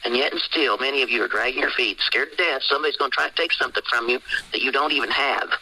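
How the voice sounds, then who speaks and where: A man's voice: mid-range voice, quick pace, pushed and bright, breathy edge, poor audio. A man hosting a call, pressing listeners with rhetorical questions in an insistent tone. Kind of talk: sermon-style call talk.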